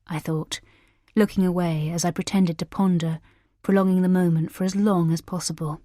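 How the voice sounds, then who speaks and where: Woman narrating a thriller, low and dry. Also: flat delivery, normal speed, dark tone, no echo. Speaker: audiobook narrator. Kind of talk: first-person scripted narration.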